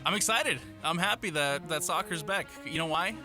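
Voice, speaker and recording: A man who is the show's producer, giving quick, matter-of-fact updates on a sports radio show. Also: fairly high pitch, bright, forceful tone, soft background music. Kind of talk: casual sports talk radio.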